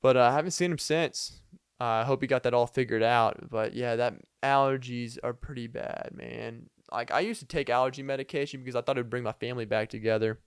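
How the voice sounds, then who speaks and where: A man's voice: medium pitch, steady tone, a little fast, clear, resonant tone, no room sound. A young man hosting a podcast, telling loose, rambling comic stories full of fillers and chuckling asides into a close mic. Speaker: podcast host. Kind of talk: rambling comedic storytelling.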